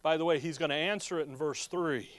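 A man preaching a passionate sermon. He swings from quiet asides to loud, urgent cries and often stops mid-phrase to look up chapter and verse. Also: fairly high pitch, fairly quick, no room sound.

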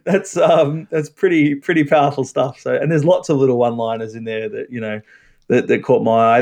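A male priest in casual podcast conversation, hesitant, with many fillers and restarts. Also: medium pitch. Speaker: Catholic priest, podcast guest.

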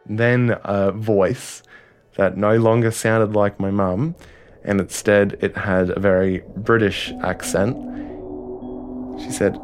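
A man with an Australian accent telling a first-person story in a halting way, often restarting his sentences. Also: on the low side, fairly even intonation. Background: music score.

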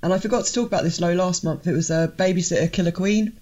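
A woman's voice: fairly low pitch, quick pace, a little mellow, muffled recording. A woman on a podcast, chatting casually and wryly, often mimicking silly voices. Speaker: podcast co-host. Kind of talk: casual chat.

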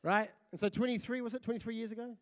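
A pastor who grew up in Fiji, giving a lively, conversational sermon and often checking in with listeners. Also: male voice, extremely high pitch, very fast. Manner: lively, conversational, often asks the crowd "right?".

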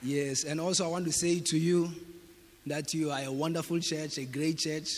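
A man's voice: on the high side, steady tone, normal speed. A visiting pastor from Ghana, a man, speaking hesitantly with fillers and laughs as he addresses a church. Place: church hall. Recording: roomy church hall, crowd murmur.

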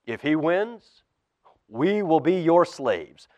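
A man voicing a huge, boastful giant soldier, slow and bellowing as he taunts, in a storybook reading. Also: a little high, sing-song, a little mellow, no echo, dull audio. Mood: taunting.

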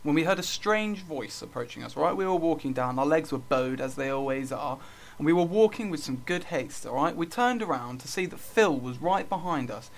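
Man co-host of an improvised comedy show, hammy, mock-earnest, slightly high voice. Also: expressive, a little fast, gravelly, few pauses.

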